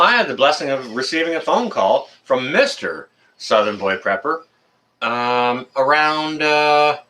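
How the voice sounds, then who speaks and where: A man's voice: mid-range voice, sharp tone. A man from Canada hosting a casual live stream, greeting viewers by name in a friendly, rambling way with many fillers.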